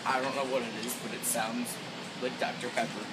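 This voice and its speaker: A man's voice: medium pitch, little pitch movement, fairly quick, very noisy. A young man chatting casually with dry jokes, talking along in a vlog. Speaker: vlogger's friend. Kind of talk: casual chat.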